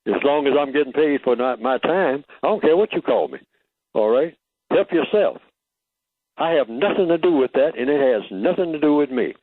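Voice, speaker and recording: A man's voice: on the high side, expressive, moderate pace, no echo. An older man speaking as a guest on a radio talk show, teaching emphatically and asking rhetorical questions. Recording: tinny phone line, dry.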